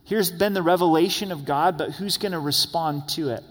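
A man's voice: on the high side, normal speed. Man preaching in a reverberant hall. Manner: earnest, conversational, rising to emphatic questions. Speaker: pastor. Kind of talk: expository sermon.

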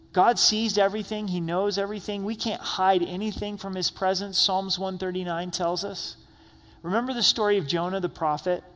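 A man with a high voice delivers a sermon from the pulpit. He tells his stories with animation and gives the quoted characters voices of their own. His words ring out with the long reverb of a church sanctuary. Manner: storytelling, acts out quoted voices. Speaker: pastor.

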